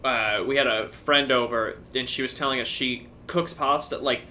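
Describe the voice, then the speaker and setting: A man's voice: mid-range voice, fairly even intonation, moderate pace, sharp tone, slight background noise. A young man co-hosting a casual podcast, telling stories with animation, swearing and acting out quotes. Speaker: co-host.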